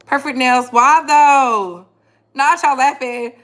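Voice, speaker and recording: A woman's voice: high-pitched, fairly even intonation, takes it slowly, fairly bright tone. A woman hosting a casual live stream, chatting with viewers and laughing often and heavily, with slangy speech. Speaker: livestream host. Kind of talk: casual live chat commentary.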